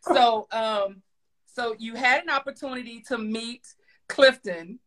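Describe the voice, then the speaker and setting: A woman hosting a casual book discussion, talking in an excitable, gushing way. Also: fairly high pitch, slow pace. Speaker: host. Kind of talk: casual chat.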